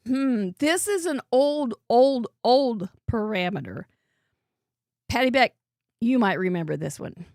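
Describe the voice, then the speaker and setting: A woman's voice: fairly high pitch, animated, measured pace, a little mellow, no room sound, studio quality. A woman hosting a live crafting show, chatting in a bubbly way and laughing often while she works. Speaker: host. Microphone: headset earbud.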